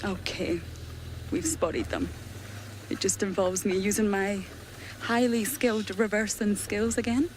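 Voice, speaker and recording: A woman's voice: medium pitch, measured pace, slight background noise, low-quality recording. A woman safari guide giving chatty, self-deprecating live commentary from an open vehicle outdoors. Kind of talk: live commentary from a game drive.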